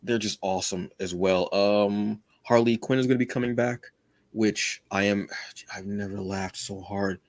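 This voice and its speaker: A man's voice: lowish voice, fairly even intonation, measured pace, no echo, studio quality. A man co-hosting a podcast, chatting casually and animatedly, acting out quoted lines with self-deprecating asides. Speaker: podcast co-host.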